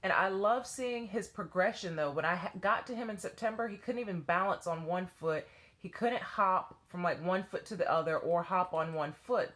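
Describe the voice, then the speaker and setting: Animated woman with a lower voice telling a story. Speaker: former children's dance teacher. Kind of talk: personal storytelling vlog.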